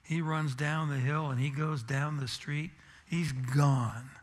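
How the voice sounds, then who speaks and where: A man's voice: fairly high pitch, steady tone, takes it slowly. A pastor preaching a sermon in church and telling a self-deprecating, humorous story about his family.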